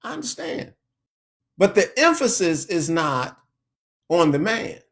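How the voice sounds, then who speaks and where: Slow, emphatic male preacher. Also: on the high side, big pitch swings. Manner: slow, emphatic preaching with sharp rises on scripture quotes. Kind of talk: sermon.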